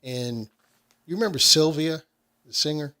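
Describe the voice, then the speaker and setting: A man's voice: fairly high pitch, moderate pace, pushed and bright, clear, resonant tone. A middle-aged man, a radio host, spins stories in an easy, casual chat. He is from Nashville. He drops into the voices of the people he quotes as he goes. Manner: storytelling, acts out quoted voices.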